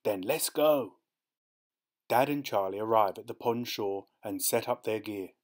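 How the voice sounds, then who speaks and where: A man reading a children's storybook aloud in a steady, clear voice. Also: lowish voice, normal speed. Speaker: storybook narrator.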